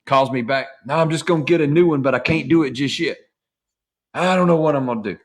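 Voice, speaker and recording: Man, fairly high voice, casual host, profane rambling storyteller. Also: quick pace. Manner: loose, profane storytelling, acts out phone calls. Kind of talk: casual chat.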